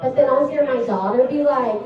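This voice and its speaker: A woman doing a stand-up comedy set, rambling and self-deprecating, with a halting storytelling manner. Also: high-pitched, lo-fi sound. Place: small comedy club stage. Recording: echoey club heard from a distance.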